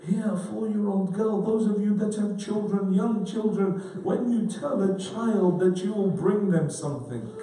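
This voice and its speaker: A religious speaker giving a mournful sermon in a large prayer hall, chanting and lamenting, with verses recited in Arabic. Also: male voice, sits high, unhurried, hardly any pauses, warm tone. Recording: echoey hall from far off.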